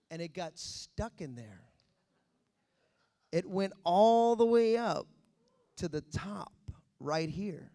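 A man preaching a sermon in a lively, joking, conversational way. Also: high voice. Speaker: pastor.

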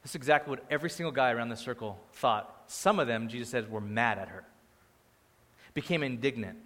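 A man preaching a sermon as the pastor, animated, acting out quoted voices, moving between loud bursts and quiet asides. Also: mid-range voice, fairly quick. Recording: long hall reverb.

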